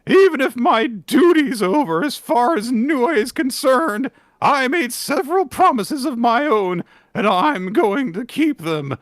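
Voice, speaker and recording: A man's voice: extremely high pitch, animated, measured pace, hardly any pauses, dry recording, clean studio sound, pitched above the performer's own voice. A man voicing an anguished, determined young male exorcist in a casual recap. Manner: strained, shouting from afar.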